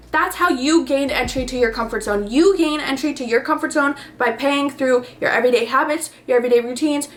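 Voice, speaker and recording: Chatty high-voiced young woman coaching. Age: 20s. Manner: chatty, animated, acts out scenes in quotes, swears casually. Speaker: vlogger. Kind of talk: casual motivational talk.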